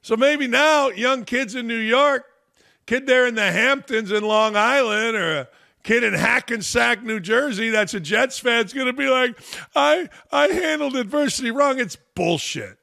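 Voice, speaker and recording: A high-pitched, gravelly middle-aged American man delivers a blunt, profane sports rant, breaking into shouts. His voice is bright and forceful, recorded dry and close. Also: dry recording. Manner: blunt, profane, fiery ranting with shouted outbursts. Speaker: sports talk show host.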